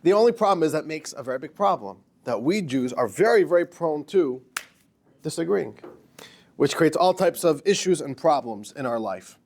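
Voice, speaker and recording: A man's voice: on the high side, animated, moderate pace, a little mellow. A man teaching a class as a rabbi, telling jokes and addressing the listeners as dear friends. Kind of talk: lecture with jokes.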